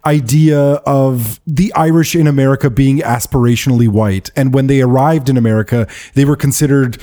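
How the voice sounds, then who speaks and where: A man's voice: mid-range voice, fairly quick, mellow. A man co-hosting a casual film discussion, chatty and enthusiastic, laughing often. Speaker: podcast co-host.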